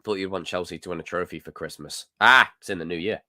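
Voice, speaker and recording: A young Scottish man hosting a casual live chat, reading comments and ranting in a jokey, animated way. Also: sits low, fast, dry recording, clean studio sound. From Scotland. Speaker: livestream host.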